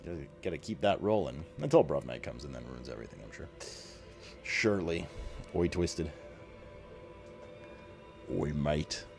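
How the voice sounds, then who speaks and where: A man's voice: rumbling low, sing-song, moderate pace, creaky, long pauses, darkish tone. A man streaming and chatting casually, rambling and swearing freely as he reads and answers his chat, with faint music behind him. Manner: rambling, profane, reading chat aloud.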